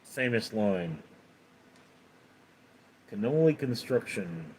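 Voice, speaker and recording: Slow, rambling man answering chat. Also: lowish voice, sing-song, darkish tone, a little hiss or hum. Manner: chatty and rambling, hesitant with ums. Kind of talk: casual live chat.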